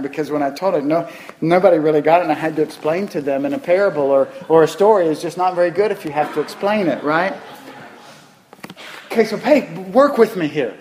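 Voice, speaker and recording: Folksy high-voiced male preacher. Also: echoey room, rough recording. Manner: folksy storytelling, rhetorical questions. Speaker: pastor. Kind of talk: sermon.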